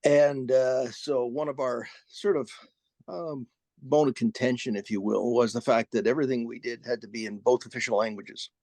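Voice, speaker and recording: Halting man, dry close sound. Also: mid-range voice, fairly even intonation, darkish tone, no echo. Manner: halting, many restarts, dry humor. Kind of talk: casual chat.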